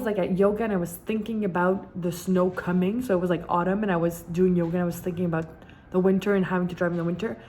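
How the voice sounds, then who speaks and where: A woman's voice: fairly low pitch, darkish tone. Candid young woman telling her story. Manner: candid, emphatic, repeats words for emphasis. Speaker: vlogger. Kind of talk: casual personal storytelling.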